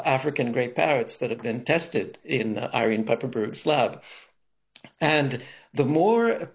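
A man, a guest expert on a radio show, explaining research in a measured, hesitant way. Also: a little high, vocal fry.

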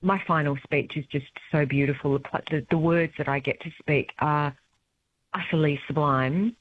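A woman's voice: deep voice, normal speed, slight background noise. A woman stage actress talking eagerly and chattily about her play in an interview. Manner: enthusiastic, chatty, warm about her work. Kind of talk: casual phone interview. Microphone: phone line. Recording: tinny phone line.

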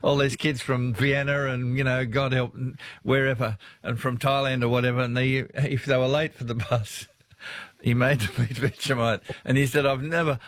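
A man's voice: medium pitch, no echo. Australian male talkback host, rambling, laughs a lot, dead-dry studio voice. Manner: chatty, laughing, rambling anecdotes. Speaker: radio host. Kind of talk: casual talkback radio chat.

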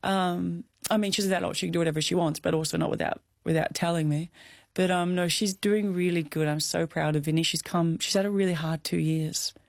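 A woman's voice: on the low side, fairly even intonation, fairly quick, creaky, dry recording. A young Australian woman telling a personal story in an interview, candid and heartfelt, close to tears. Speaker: guest.

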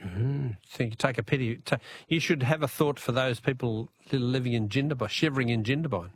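A man's voice: mid-range voice, brisk, breathy edge. A man with an Australian accent hosting a casual talkback radio quiz, chuckling as he reads out listener messages.

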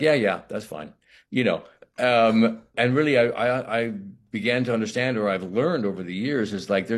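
A middle-aged actor talking in an interview, thoughtful and halting, with many restarts. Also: male voice, fairly low pitch. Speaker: actor guest. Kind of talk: reflective interview talk.

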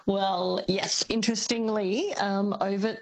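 A woman's voice: mid-range voice, steady tone, measured pace, low-quality recording. A woman from Melbourne with an Australian accent, explaining language on radio in a thoughtful, hesitant way. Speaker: linguistics expert guest.

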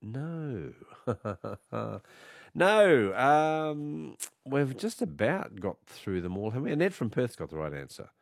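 A man's voice: mid-range voice, very animated, a little slow, vocal fry, dry recording, clean studio sound. A man with an Australian accent hosting a radio quiz, joking and chuckling with callers while fighting a slight cold. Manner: jokey, chuckling, teasing callers. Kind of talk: casual talkback radio chat.

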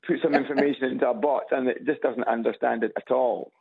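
Gravelly Edinburgh Scot on a phone line. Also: male voice, mid-range voice, fairly even intonation, quick pace. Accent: Edinburgh Scottish. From Scotland. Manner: easygoing, hesitant with restarts. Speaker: caller. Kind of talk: casual phone chat. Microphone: phone on loudspeaker. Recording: tinny phone line on radio.

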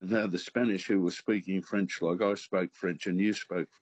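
A man calling in to a radio show, telling a story haltingly with lots of uhs. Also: low voice, fairly even intonation, no room sound. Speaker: caller. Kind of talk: talkback radio call, telling an anecdote.

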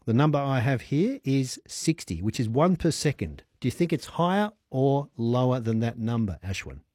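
A man's voice: medium pitch, sing-song, normal speed, a little mellow, no room sound, clean studio sound. A man hosting a radio phone-in quiz, chatty and upbeat, laughing easily with callers. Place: radio studio.

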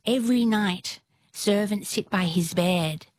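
Storyteller putting on a grave castle housekeeper. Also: female voice, medium pitch, a little slow, no echo, natural voice. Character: worried woman housekeeper of a castle.

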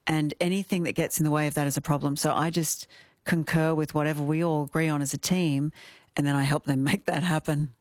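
A middle-aged woman speaking as an animated, expressive dialect coach in a radio interview, laughing often. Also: low-pitched, fairly quick, dry recording, studio quality.

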